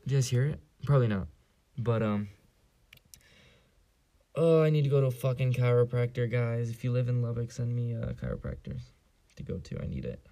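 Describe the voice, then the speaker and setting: A man's voice: mid-range voice, fairly quick, vocal fry, long pauses, warm tone. A young man in his late teens from San Diego, hosting a solo podcast in a casual, rambling and profane way with lots of fillers. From San Diego area, US. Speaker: podcast host.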